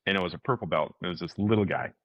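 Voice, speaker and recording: Low-voiced man telling an animated story. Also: rapid-fire, dry recording, dull audio. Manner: animated storyteller, acts out quotes, many restarts. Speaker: podcast co-host. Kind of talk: casual storytelling chat.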